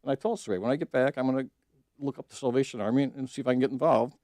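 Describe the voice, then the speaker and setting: A man's voice: medium pitch, racing, warm tone, no echo. A middle-aged man, telling his story as a guest in a radio studio, earnest, with many restarts and fillers. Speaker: judicial candidate, radio guest. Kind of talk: casual radio interview.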